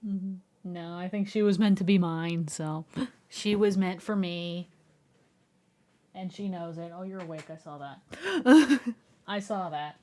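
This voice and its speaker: A woman's voice: on the low side, fairly even intonation, takes it slowly, pauses often. Giggly young woman chatting on stream. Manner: giggly, laughs often between sentences; soft, coaxing voice when calling her dog. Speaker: live streamer. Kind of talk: casual livestream chat. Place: at home.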